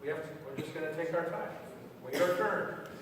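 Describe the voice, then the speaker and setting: A man's voice: on the high side, brisk. A man preaching in a church, talking plainly with the children and asking them questions before his sermon. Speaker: pastor. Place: church sanctuary. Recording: echoey church from far off, faint hiss.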